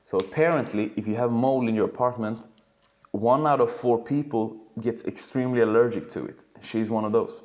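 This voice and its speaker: A man coaching dancers in a casual webinar, telling stories in an animated way and swearing freely from a home video call. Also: mid-range voice, moderate pace.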